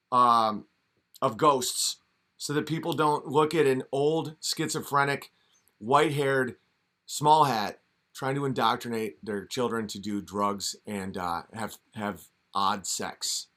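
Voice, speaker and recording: A man's voice: medium pitch, unhurried, pushed and bright. A man ranting and mocking in a commentary video, often slipping into sarcastic impressions.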